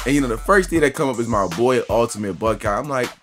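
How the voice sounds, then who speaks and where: A man giving casual gameplay commentary as a YouTuber, talking loose and slangy to his viewers and getting excitable over the action. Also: medium pitch, quick pace, faint music behind. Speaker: gaming YouTuber.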